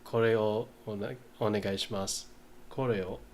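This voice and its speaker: A man in a casual study session, reading lines aloud slowly and mumbling as he writes and sounds out words. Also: fairly low pitch, fairly even intonation, a little mellow, a little hiss or hum. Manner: slow, mumbling while writing, sounds out words. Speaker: language learner.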